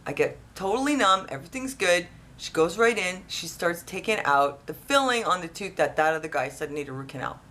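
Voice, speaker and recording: Woman, 30s, home vlogger, bright tense voice, slightly low pitch, lively retelling with acted-out dialogue. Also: fairly quick, few pauses. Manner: animated, acts out quoted dialogue in her retelling. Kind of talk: casual storytelling to camera.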